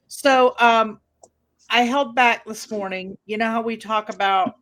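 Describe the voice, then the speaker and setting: A woman's voice: a little high, unhurried, fairly bright tone. A woman co-hosting a podcast, chatting casually and telling a story with self-deprecating laughs. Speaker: podcast co-host. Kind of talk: casual chat.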